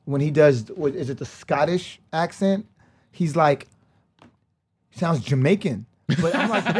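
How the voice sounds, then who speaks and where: A man's voice: a little high, unhurried, pauses often, husky, no room sound. A man guest on a podcast, telling stories casually, laughing often and acting out the voices of people he quotes. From United States. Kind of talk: casual storytelling.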